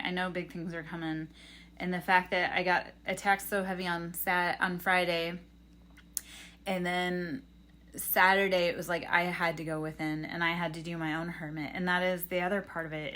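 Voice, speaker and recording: A woman's voice: lowish voice, bright, forceful tone. A young adult woman on a livestream reading tarot, telling a rambling, earnest story full of fillers and advice. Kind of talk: casual chat.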